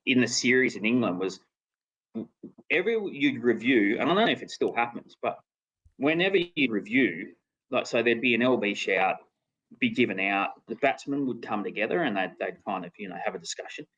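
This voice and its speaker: A man's voice: mid-range voice, big pitch swings, brisk, a bit bright, slightly rough, muffled recording. A middle-aged Australian man, a former cricketer and podcast guest, telling a story casually with restarts and laughter. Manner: rambling with restarts, laughing at his own story.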